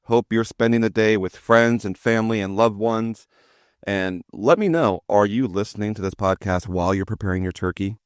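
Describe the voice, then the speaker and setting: A podcast host in his forties tells stories in a chatty, joking, self-deprecating style. His voice is fairly low and clean, at a moderate pace, captured in a clean studio with no room sound.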